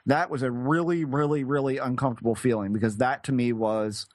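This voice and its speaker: A male podcast guest recounting a personal experience, halting and searching for words with frequent restarts. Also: mid-range voice, steady tone, a little mellow, dry recording.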